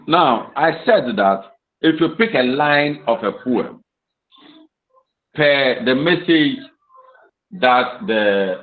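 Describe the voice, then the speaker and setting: A male teacher explains poetry at an unhurried, measured pace, saying key phrases twice as he goes. His voice sits in a roomy, echoing space, and the recording has a dull, lo-fi tone. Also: mid-range voice. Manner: slow, deliberate, often repeats phrases. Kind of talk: classroom lecture.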